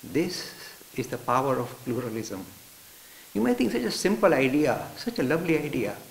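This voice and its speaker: A man giving a lively storytelling lecture to an audience and acting out the characters in his stories. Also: mid-range voice, moderate pace, gravelly. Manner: animated, acts out characters. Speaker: religious studies lecturer. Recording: roomy hall with faint hiss.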